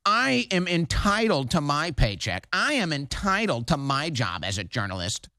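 A man mocking a smug, entitled female journalist who speaks slowly and self-importantly. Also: sits low, very animated, bright, forceful tone, dry recording, heavily acted.

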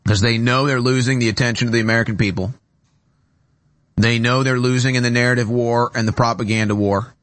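In a radio studio, a male talk show host with a mid-range, slightly bright voice delivers a political monologue a little fast and with fairly even intonation. He is emphatic and repetitive, with rising urgency.

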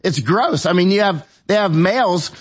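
A man's voice: high-pitched, animated, normal speed, husky. A man appearing as a guest on a talk show, chatting in a rambling, digressive way with many restarts. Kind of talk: casual talk show conversation.

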